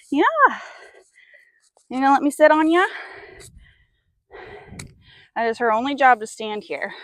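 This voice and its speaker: A woman horse trainer wearing a clip-on mic, chatting casually to viewers while working a young horse. She keeps murmuring soft praise to the horse in between. The sound is close and dry, with almost no room echo. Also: on the high side. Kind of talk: mic'd-up training commentary.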